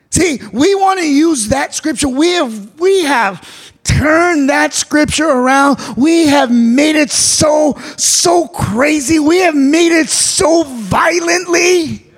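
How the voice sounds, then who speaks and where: A man preaching a sermon in a shouted, sing-song delivery, with frequent "uh" fillers between phrases. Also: extremely high pitch.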